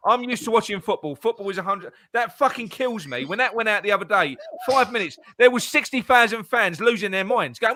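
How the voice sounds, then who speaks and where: High, lively sweary man ranting. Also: brisk, few pauses. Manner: sweary, ranting, restarts a lot. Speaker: podcast co-host. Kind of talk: casual football chat.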